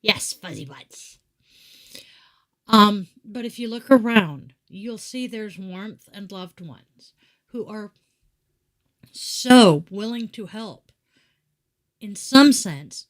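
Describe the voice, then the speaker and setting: A middle-aged woman hosting a live tarot stream from home, talking slowly and unhurriedly. She chats warmly, wanders into asides and reads each card aloud in a relaxed way. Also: fairly high pitch. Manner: chatty, warm-hearted, meandering with asides. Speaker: tarot reader and yoga teacher.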